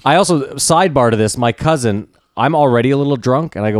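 A man in his thirties, a podcast co-host, telling a long story in casual chat, animated and profane, acting out what others said. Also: medium pitch, fast talker, few pauses, no room sound, studio quality. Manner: animated, profane, acts out quoted voices.

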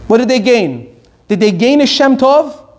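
A man's voice: very high-pitched, animated, a little slow, a little mellow, slight background noise. A middle-aged man from Iran giving a Torah lecture as a teacher, emphatic, repeating his key points and drifting into anecdotes.

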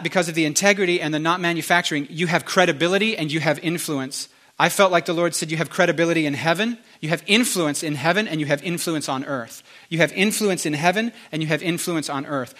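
A man ministering in prophetic prayer, speaking earnestly and repeating key phrases. His voice is bright and forward, pitched a little above the usual for a man. He often stops and restarts mid-sentence. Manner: earnest, repetitive, halting restarts.

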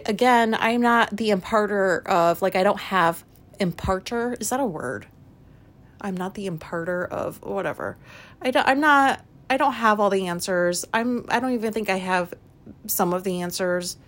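Brief: woman in her thirties, solo podcast host, candid and self-doubting, casual swearing, mid-pitched. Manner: frank, self-questioning, swears freely, many fillers.

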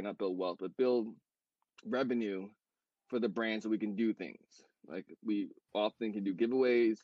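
A man in casual podcast chat about his brand, rambling with many fillers and quick self-corrections. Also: on the low side, a little mellow, no echo, highs cut off. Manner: talks fast. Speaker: co-founder of a clothing brand.

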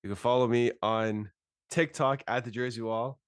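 A man's voice: mid-range voice, steady tone, moderate pace, clean tone, no echo, studio quality. A man hosting a casual podcast, laid-back and chatty, congested and fighting phlegm. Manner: laid-back, says "bro" a lot. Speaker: podcast host.

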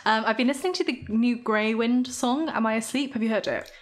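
A young woman co-hosting a podcast, teasing her co-host and giggling often. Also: fairly high pitch. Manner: teasing, giggly, slow and lively delivery. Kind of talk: casual chat.

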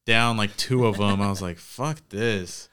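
A man's voice: lowish voice, fairly even intonation, brisk, fairly bright tone, clear, resonant tone. A man in his twenties co-hosting a podcast, swearing and laughing often in casual chat. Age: 20s. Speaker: podcast co-host.

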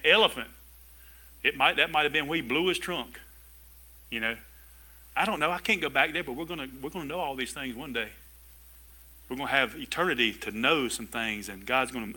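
A man delivers a church sermon in a bright, ringing voice pitched a little high for a man. He preaches with energy, breaks off into chatty asides, and chuckles along with his congregation. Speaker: pastor.

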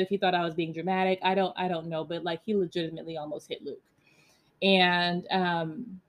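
A female podcast host with a mid-range voice tells a story in a casual monologue. She's animated and blunt, using many fillers and some profanity.

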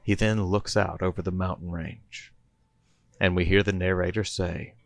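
A man's voice: deep voice, steady tone, moderate pace. A man and podcast host reading out a comedy story in a playful storytelling manner. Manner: playful storyteller, chuckling between bits.

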